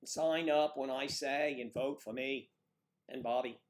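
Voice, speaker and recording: A man doing an impression of a grand 1960s-style male politician giving a loud, emphatic campaign speech. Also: mid-range voice, fairly even intonation, measured pace, natural voice. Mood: orating.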